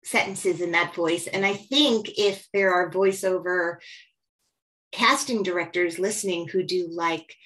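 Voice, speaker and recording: A woman's voice: on the low side, measured pace, fairly bright tone, low-quality recording. Woman podcast host, talkative and rambling, conversational interviewer. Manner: chatty, rambling questions. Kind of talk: casual interview chat.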